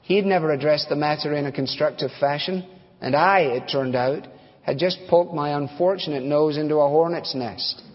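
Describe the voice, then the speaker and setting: A man's voice: fairly high pitch, moderate pace. A man preaching a sermon in a conversational, folksy way, telling stories with fillers and asides. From United States. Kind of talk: sermon with storytelling. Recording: dull recording with long hall reverb.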